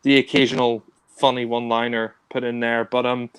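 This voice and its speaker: A man's voice: medium pitch, flat delivery, fairly quick, fairly bright tone, clear, resonant tone, no echo. A man casually reviewing spy films, rambling with many fillers and restarts. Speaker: film reviewer. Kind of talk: casual film discussion.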